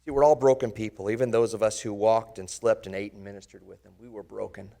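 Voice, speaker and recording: A man's voice: on the low side, steady tone, quick pace, gravelly, warm tone. A pastor playing the disciple Thomas, an earnest grown man, in a first-person dramatic sermon monologue, speaking with passion and turning to the listeners with searching questions. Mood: reflective.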